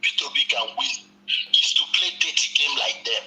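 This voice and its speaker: A man's voice: mid-range voice, animated, moderate pace, sharp tone. A Nigerian man calling in, resigned and quoting proverbs. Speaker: caller. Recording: noisy phone line.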